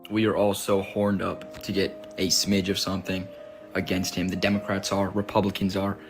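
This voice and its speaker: A man's voice: low voice, monotone, normal speed. A man giving casual video commentary in a dry, sarcastic, resigned way. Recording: clip with music behind.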